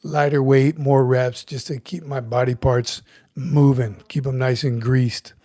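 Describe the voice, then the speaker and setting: A man's voice: medium pitch, fairly even intonation, unhurried, dark tone, no room sound. A middle-aged man hosting a casual livestream, chatting easily, chuckling and greeting viewers by name. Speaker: livestream host, retired Marine sergeant major. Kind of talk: casual livestream chat reading comments.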